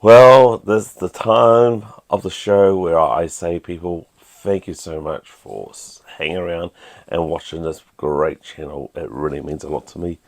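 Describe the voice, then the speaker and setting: Host, New Zealand accent, middle-aged man, low gravelly tone, casual self-deprecating hobby vlog delivery. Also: measured pace. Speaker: toy collector channel host.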